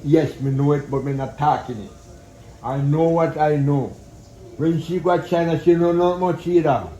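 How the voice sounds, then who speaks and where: A man's voice: fairly high pitch, steady tone, normal speed, dark tone, lo-fi sound. Jamaican man in echoey room. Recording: echoey room, faint noise.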